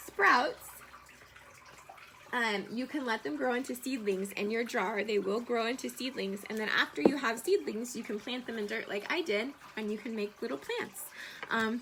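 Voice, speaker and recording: Warm-toned, patient woman teacher speaking to kids at home, a faint trickle of water behind. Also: fairly high pitch, vocal fry, slight background noise, low-quality recording. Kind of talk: remote homeroom lesson for children.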